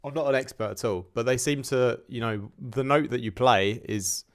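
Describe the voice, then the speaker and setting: A man's voice: medium pitch, moderate pace, clear, resonant tone, no room sound, studio quality. A man livestreaming a music production session, thinking aloud in a chatty, self-correcting way and sneezing now and then. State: sneezing and coughing, a bit congested. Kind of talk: casual livestream talk while working. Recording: loud music under the voice. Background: loud electronic music playing.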